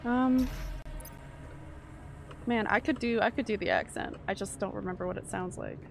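A woman from Canada streaming a shooter game live, chatting casually, swearing and reacting loudly to the action. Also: mid-range voice, normal speed, vocal fry, noisy background.

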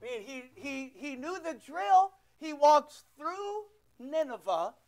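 A man's voice: very high-pitched, big pitch swings, slow pace, darkish tone. A man preaching a sermon as pastor, emphatic and rhetorical, repeating his phrases.

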